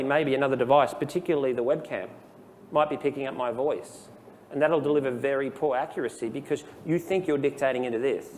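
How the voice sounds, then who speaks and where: A man presenting a live training session, casual and explanatory, dropping in plenty of ums. His voice sits at a middle pitch and carries a long room reverb with a faint hum behind it. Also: darkish tone. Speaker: software trainer. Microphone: handheld dictation microphone.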